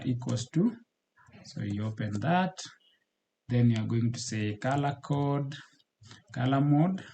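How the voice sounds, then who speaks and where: Halting man narrating code as he types. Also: mid-range voice, vocal fry, a little mellow, a little hiss or hum. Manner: halting, repeats words while typing, frequent fillers. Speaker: programming tutor. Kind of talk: screen-recorded coding walkthrough.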